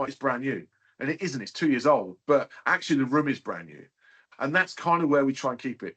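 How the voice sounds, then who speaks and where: A man's voice: medium pitch, a bit bright. A man who owns a hotel, talking casually in an interview, filling his sentences with "you know.". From United Kingdom. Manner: chatty, many fillers like "you know". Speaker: hotel owner, guest.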